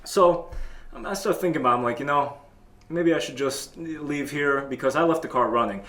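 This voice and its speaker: A man's voice: on the high side, brisk. Boastful male talk-show host, echoey room. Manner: deadpan, boastful tall-tale telling. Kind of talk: comedic storytelling.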